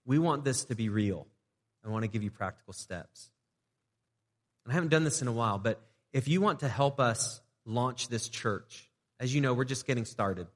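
A man's voice: mid-range voice, normal speed. Conversational male pastor in a reverberant church. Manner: conversational preaching with frequent restarts and acted-out prayers. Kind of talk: sermon.

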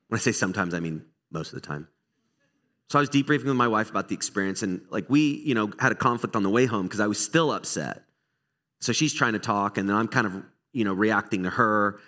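This is a middle-aged man with a fairly low-pitched voice, preaching a conversational sermon as a pastor. He recounts his own experiences with animated, candid, self-mocking energy.

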